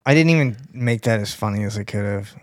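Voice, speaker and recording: A man co-hosting a casual podcast, easygoing and quick to laugh. His voice sits fairly low. It is recorded dry and close. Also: a little mellow, dry recording. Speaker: podcast co-host. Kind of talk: casual chat, impression game.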